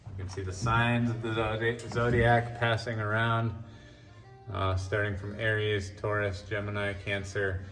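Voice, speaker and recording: Deep-voiced man touring his gallery show. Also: unhurried. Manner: relaxed, rambling explanations with frequent restarts and fillers. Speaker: artist giving a gallery tour. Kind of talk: casual walk-through talk. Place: art gallery show room. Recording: echoey room from a distance with faint music.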